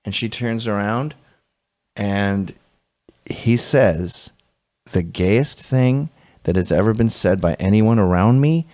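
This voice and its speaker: A man hosting a podcast, telling a comic story in a sardonic, exasperated, animated way. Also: fairly low pitch, slow, dry recording. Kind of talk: comedic storytelling, casual chat.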